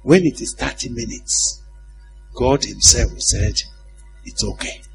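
A man preaching a sermon in an animated, humorous way, often asking the congregation if they follow him. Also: medium pitch, slow pace, gravelly, music in the background, low-quality recording.

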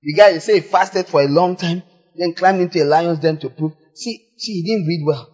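A man preaching a sermon in a church, animated, moving from quiet asides to loud exclamations. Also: fairly high pitch, brisk, breathy edge. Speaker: pastor. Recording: echoey hall, slightly dull sound.

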